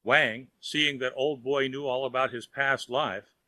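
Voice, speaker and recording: A man narrating a children's audiobook in a lively storytelling manner. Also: medium pitch, a little slow, dry recording.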